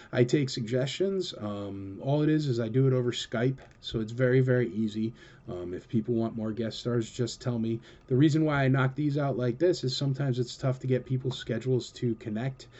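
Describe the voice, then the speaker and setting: A man's voice: fairly low pitch, dark tone, muffled recording. A man hosting a collector show, answering viewer questions in a rambling, enthusiastic, casual way with lots of fillers. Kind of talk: casual chatty Q&A.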